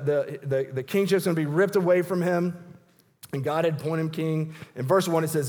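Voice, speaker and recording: A high-sitting male voice fills a large hall as a pastor delivers his sermon in the church sanctuary, sincere and conversational, frequently starting phrases over.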